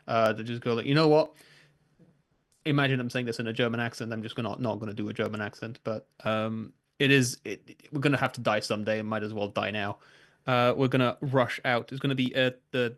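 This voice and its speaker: Man, game master, tabletop game narration, casual asides, average pitch. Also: a bit bright.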